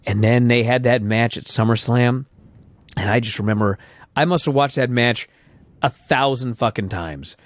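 A man in his late thirties co-hosting a podcast, telling stories in an animated, profane way and acting out what others said. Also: mid-range voice, moderate pace, no room sound. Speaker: podcast co-host. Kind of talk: casual chat.

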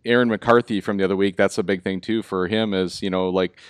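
A man's voice: sits low, fairly even intonation, brisk, clear, resonant tone, no echo, studio quality. Chatty Minnesota man hosting a live show. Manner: upbeat, chatty, lots of fillers. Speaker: host. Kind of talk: casual live show chat.

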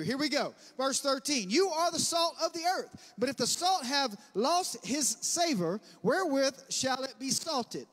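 A man, preaching a sermon as pastor and telling stories in an animated way, calling the congregation for amens. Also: very high voice. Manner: animated storytelling, bursts of loud laughter; preacher who calls for amens. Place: church sanctuary. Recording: long church-hall reverb.

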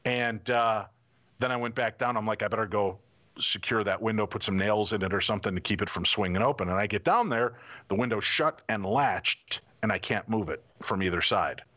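A middle-aged man, a podcast guest, telling a personal story in a lively way and acting out what people said. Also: on the low side, fairly quick. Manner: animated anecdotal storytelling, acting out quotes. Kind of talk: casual storytelling.

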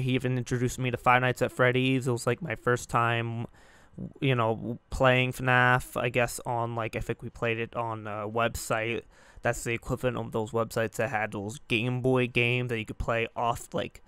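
A man's voice: mid-range voice, fairly bright tone, clear, resonant tone, dry recording. A young man talking casually on his vlog, rambling and correcting himself, with frequent swearing. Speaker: YouTuber and hobby voice actor.

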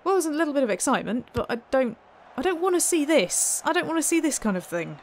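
A woman's voice: high-pitched, very animated, fast talker, darkish tone. A woman commentating on her own gameplay in a wry, chatty way, full of exasperated asides. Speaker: let's play host.

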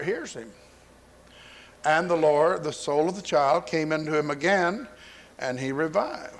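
A man delivering a sermon in a folksy, storytelling way, acting out the voices of the scripture he retells. His voice sits a little higher than most men's. It comes from a 1980s sermon recording. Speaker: pastor.

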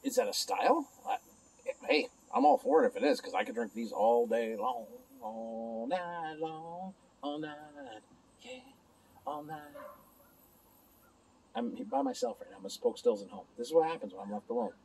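A man's voice: medium pitch, huge pitch swings, quick pace, vocal fry, darkish tone, husky, poor audio. A man casually reviewing a beer alone at home, rambling and chatting to his viewers and to himself.

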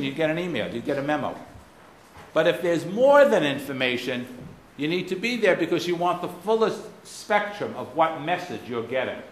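An American man with a faded Boston accent giving a keynote lecture, a wry, digressive storyteller with blunt asides. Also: on the high side. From United States. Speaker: keynote speaker. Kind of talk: anecdotal lecture. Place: lecture hall. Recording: roomy hall with faint noise.

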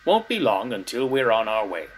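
A man's voice: fairly low pitch, sing-song, normal speed, soft background music. A man voicing a polite, cheerful little male tram engine with a mild manner.

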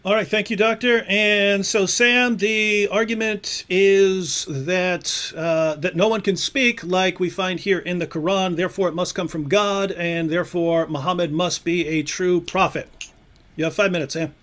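Man moderator, high voice, brief neutral summaries. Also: fairly even intonation, measured pace, fairly bright tone. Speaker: debate moderator. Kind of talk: moderating a debate.

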